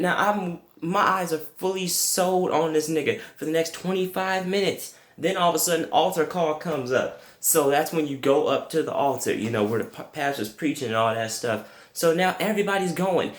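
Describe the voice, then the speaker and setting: A young man telling a comic story with crude language, jumping to high yelps when quoting himself. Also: reverberant. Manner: animated, profane, jumps to high yelps for quoted reactions. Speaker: comedic storyteller.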